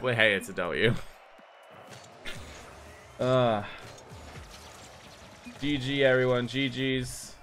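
A young man chats through a gaming stream at an unhurried, drawn-out pace, rambling and poking fun at himself between sudden excited outbursts. His pitch sits in an ordinary middle range. Faint background noise hums under his close desk mic. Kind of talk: casual live gameplay commentary.

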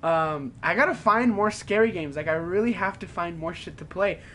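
A gaming streamer with a high-pitched, slightly bright voice chats casually with his viewers at a moderate pace while playing live. He rambles, laughs often, swears a lot and says "like" in nearly every sentence.

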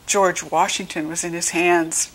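An American woman reading a children's storybook aloud slowly and clearly for young listeners. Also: little pitch movement. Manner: slow, clear teaching read-aloud, brighter pitch for quoted children. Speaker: children's book reader. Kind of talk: read-along storybook narration.

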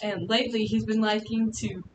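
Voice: mid-range voice, level tone, brisk. A student telling a casual story in class, saying "like" a lot, recorded from a distance in a classroom with hiss. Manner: casual, uses lots of "like". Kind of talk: classroom chat.

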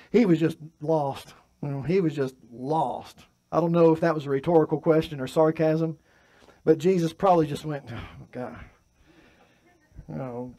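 Male pastor, fairly high voice, preaching in church, moves between forceful emphasis and hushed delivery. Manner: preaching with swings from loud emphatic to soft and quiet. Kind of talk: sermon. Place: church sanctuary.

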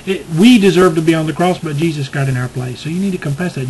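A man preaching a sermon and leading a salvation prayer, earnest and repetitive, halting with fillers. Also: fairly high pitch, darkish tone, slight background noise, low-quality recording.

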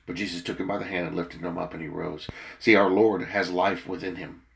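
A worn-out man giving an earnest daily devotional sermon and reading scripture aloud, his loudness swelling and dropping for emphasis. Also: sits low, fairly even intonation, fairly quick, creaky. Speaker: preacher leading a daily prayer.

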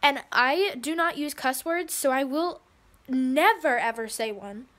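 A frightened teenage girl vlogging casually from home on a handheld phone, talking in a nervous, jittery way with breathy asides. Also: high voice, unhurried, a bit bright. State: frightened and shaking. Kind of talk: casual vlog. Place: indoors at home by a window.

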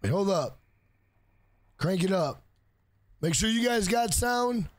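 A man streaming a game live, loud and profane, joking around, greeting viewers by name and breaking into shouted rhyming bits. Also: high-pitched, animated, slow pace, no room sound.

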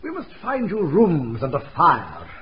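A miserly laird with a stiff, clipped, formal manner, his voice high and wildly swooping as he drawls out each word. He comes through a muffled old radio drama recording with a clear hiss behind him. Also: huge pitch swings, unhurried. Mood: cold formal.

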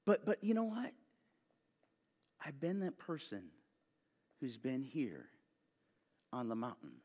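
A man giving a sermon as a guest pastor, telling the story with lots of energy, jumping from loud bursts to quiet asides and joking with the congregation. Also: mid-range voice, slow pace, in a large hall. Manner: animated storytelling, swinging between loud bursts and hushed asides; jokey, talks straight to the congregation.

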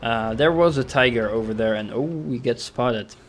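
A man's voice: mid-range voice, moderate pace, a little hiss or hum. A young man casually commenting over his own tank game replay, thinking aloud with fillers and restarts. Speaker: gameplay commentator.

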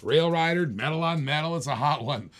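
A man's voice: on the high side, a little fast, a bit bright. A man hosting a live toy car auction, joking and urging bidders on, a little short of breath.

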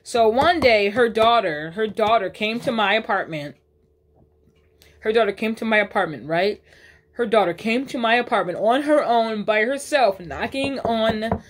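In a casual storytime vlog, a woman rambles through a personal story, cursing freely, using slang fillers, and correcting herself mid-sentence. Her voice is on the high side with lively intonation at a normal speed.

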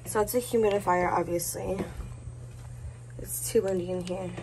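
A woman's voice: on the low side, steady tone, normal speed, darkish tone, a little hiss or hum, rough recording. A young pregnant woman giving a casual, gushing tour of her baby's corner at home, a little out of breath and often correcting herself. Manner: chatty, self-correcting, gushing. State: heavily pregnant, a bit out of breath. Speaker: vlogger.

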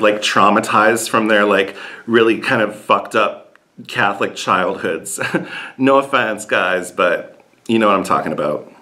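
Brief: male comedian, sassy and campy, blunt delivery, bright and forceful tone. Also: medium pitch. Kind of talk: comedic monologue.

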